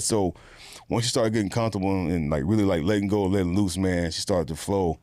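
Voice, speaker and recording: A man, an actor, chatting casually in an interview, relaxed and slangy with lots of fillers. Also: low voice, no echo, studio quality. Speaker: actor guest.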